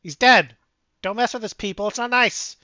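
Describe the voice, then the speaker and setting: A game master voicing a nervous, eager-to-please talking mouse who babbles quickly. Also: mid-range voice, pushed and bright, no echo, lo-fi sound, voice pushed up, lightly acted. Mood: flustered. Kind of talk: tabletop game voice acting.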